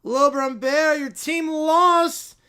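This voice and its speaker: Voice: sits high, fairly even intonation, slow pace, sharp tone, heavily acted. A streamer playing a smug rival fan who mocks and talks down in a comedy skit on a live stream. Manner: mocking, condescending.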